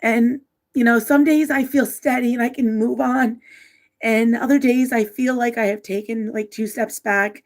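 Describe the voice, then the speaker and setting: A woman hosting a live stream, talking haltingly and emotionally with many pauses and restarts, partly reading aloud from her own writing. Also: on the high side, fairly even intonation. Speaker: livestream host.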